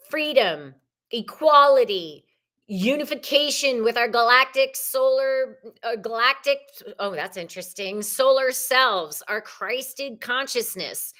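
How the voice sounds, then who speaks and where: Female tarot host, lively and blunt, live-stream reading. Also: a little high. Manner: animated, swears casually, talks straight to viewers.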